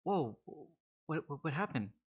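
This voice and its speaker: A man's voice: fairly high pitch, sing-song, measured pace, husky, pitched above the performer's own voice, exaggerated voice. A man voicing a jittery young male weapons dealer with messy hair, who stammers and sounds awestruck, on dull lo-fi audio. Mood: amazed.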